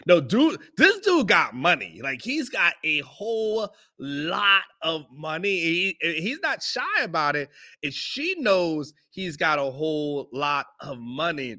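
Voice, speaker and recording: A man's voice: a little high, big pitch swings, slow pace, pushed and bright. A man hosting a live podcast, telling a story in loose slangy chat and chuckling often, into his own microphone. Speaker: podcast host. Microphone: own microphone on a live stream.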